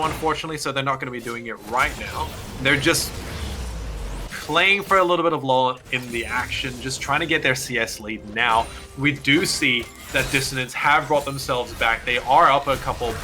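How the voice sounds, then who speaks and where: A man with an Australian accent giving steady, explanatory analysis as co-caster of an esports match. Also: mid-range voice. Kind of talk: live analyst commentary.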